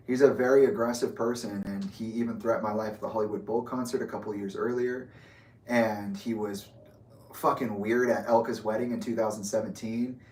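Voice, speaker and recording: A man tells a story in casual conversation, animated and profane, and acts out the people in it. He sits at a distance from the mic, and the room rings with echo. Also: lowish voice, brisk. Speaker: guest storyteller. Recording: echoey room, mic far off.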